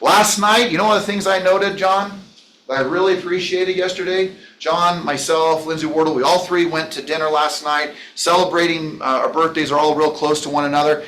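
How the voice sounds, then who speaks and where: A man's voice: a little high, steady tone, a little fast, fairly bright tone. Enthusiastic man giving motivational training. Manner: enthusiastic, rambling storyteller who addresses listeners by name. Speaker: trainer leading a business training session. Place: training room. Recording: echoey room.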